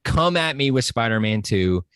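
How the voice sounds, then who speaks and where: An animated man in a casual movie chat, breaking into high-pitched exclamations whenever a scene excites him. His voice sits at a middling pitch and is recorded close to the mic. The sound is dry, with no room echo. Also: normal speed, smooth. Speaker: pop culture podcast guest. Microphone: close microphone.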